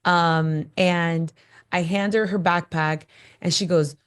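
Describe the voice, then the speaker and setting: A woman co-host chats easily from a studio, spinning stories with fillers and small laughs. Her voice sits a little low. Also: steady tone, slow pace, clear, resonant tone. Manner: chatty storyteller with fillers and laughs. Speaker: podcast co-host. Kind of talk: casual chat. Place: recording studio.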